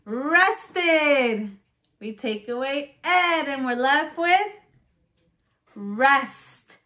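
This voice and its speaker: A woman teaching a phonics lesson to young children, sounding out words slowly and praising them cheerfully. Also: high voice, lively intonation, bright, forceful tone. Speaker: preschool teacher.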